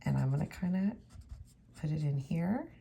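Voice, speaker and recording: A woman with a low, gravelly voice walks the viewer through a card-making tutorial. She keeps up a chatty, personal commentary as she works with her hands. Her voice sometimes sinks to a hushed near-whisper. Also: animated, moderate pace. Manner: chatty, talks straight to the viewer, often drops to a near-whisper while working. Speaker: craft demonstrator.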